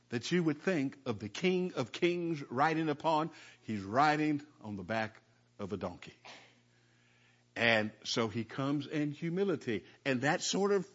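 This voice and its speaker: A man preaching a sermon in an earnest, halting way, often repeating words as he reads and explains scripture. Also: a little high, a bit bright, highs cut off. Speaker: pastor.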